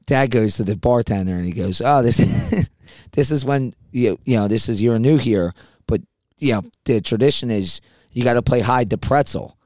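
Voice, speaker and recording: A man's voice: mid-range voice, normal speed, darkish tone, no echo, studio quality. A middle-aged man telling bar stories on a podcast in a casual, rambling way, often laughing mid-sentence. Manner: laughs through his own stories, rambling restarts. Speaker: podcast co-host. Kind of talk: casual storytelling chat.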